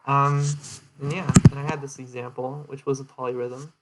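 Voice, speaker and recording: A young man talking through a presentation he gave in a loose, casual way. His pitch sits in an ordinary middle range, and his explanations wander, full of "um" and "like" and restarts. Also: little pitch movement, moderate pace, heavy background noise. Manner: rambling with many fillers and restarts. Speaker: streamer giving a presentation recap. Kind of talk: casual chat.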